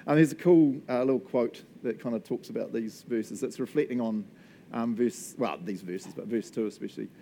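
A man's voice: medium pitch, moderate pace, dark tone, slight background noise. A man with a New Zealand accent preaching a sermon in a jokey manner, laughing often. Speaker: pastor.

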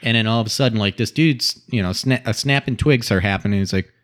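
A man's voice: fairly low pitch, fast, a bit bright. A man chatting casually about a film, laid-back and jokey with slangy asides. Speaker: co-host reviewing a film. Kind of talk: casual chat.

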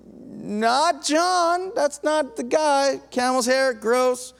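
Male preacher, high voice, animated sermon delivery, reverberant hall. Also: very slow, creaky. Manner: animated, acts out quoted voices, drops to soft intense tone.

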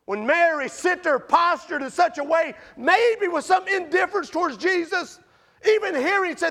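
A man delivers a sermon in an unusually high voice that leaps and falls all the way through. His tone carries a gravelly edge. He fires rhetorical questions at the congregation and swings between loud and quiet. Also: expressive, moderate pace. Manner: rises and drops sharply in loudness. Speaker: preacher.

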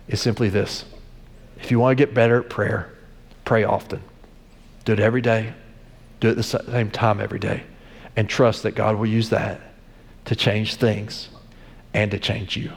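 A man's voice: lowish voice, gravelly, in a large hall. A male pastor giving a conversational sermon, telling stories with frequent restarts.

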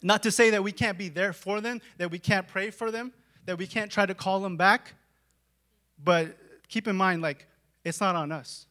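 A man preaches with a high, bright, ringing voice. He talks casually, tossing in "like" and "right?", and swings from quiet, intimate stretches to full shouts. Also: fairly even intonation, normal speed. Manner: dramatic swings from hushed to shouting; conversational, with filler "like" and "right?". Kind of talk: sermon.

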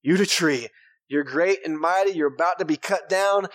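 A man's voice: a little high, normal speed, natural voice. A male pastor voicing a blunt prophet who tells a king bad news in a teasing, casual way.

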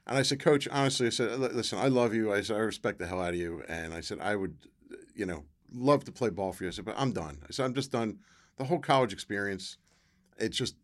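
A middle-aged man with a low voice tells a long personal story in a relaxed interview. He slips into the voices of the people he quotes and jumps up in pitch when he gets excited. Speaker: guest, former football player.

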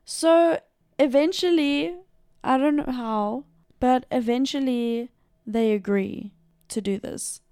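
High-pitched yet dark in tone, this young South African woman's voice is clear and resonant in a clean studio recording with no echo. She recounts a true-crime case casually, chatting away with frequent asides and filler words.

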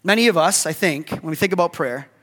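A man's voice: a little high, fast, fairly bright tone, big-room sound. A middle-aged man preaching a casual, conversational sermon as a pastor, often checking in with "right?". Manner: conversational, keeps asking "right?".

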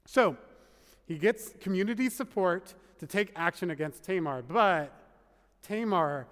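A man's voice: sits high, expressive, measured pace, a bit bright. A man preaching a sermon as pastor in a conversational, wry way, full of asides. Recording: long reverb of a large hall.

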